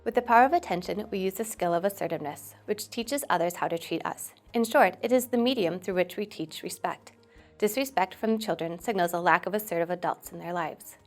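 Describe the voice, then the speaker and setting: A woman trainer giving scripted instructional narration in a steady, explanatory way. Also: on the low side, a little fast.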